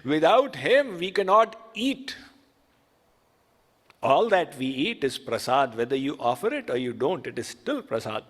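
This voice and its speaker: Slow-speaking man preaching in a reverberant hall. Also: a little high, big pitch swings, fairly bright tone. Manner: slow, deliberate teaching with told stories. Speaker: spiritual teacher. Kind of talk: sermon.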